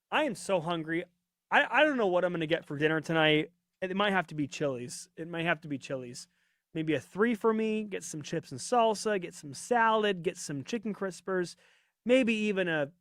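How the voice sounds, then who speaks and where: A man's voice: a little high, fairly bright tone, clear, resonant tone, no echo, studio quality. A man hosting a live wrestling watch-party podcast, chatting casually and rambling while reading out viewer comments, his voice getting worn. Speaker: podcast host. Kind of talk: casual live-stream chat.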